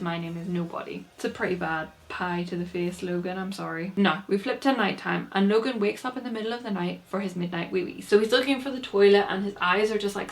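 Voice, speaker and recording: A young woman giving a playful, chatty plot recap for her book channel and briefly slipping into quick character voices. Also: mid-range voice, creaky. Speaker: book vlogger.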